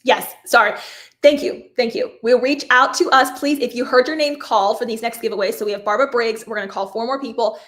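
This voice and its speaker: A bubbly woman in her thirties runs a live craft giveaway with a bright, fairly high voice. She chats freely, laughs easily and cheerfully apologizes whenever she fumbles a name. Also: a little fast. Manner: bubbly, chatty, laughs often, apologizes over names. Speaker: craft host. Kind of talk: live-stream giveaway chat.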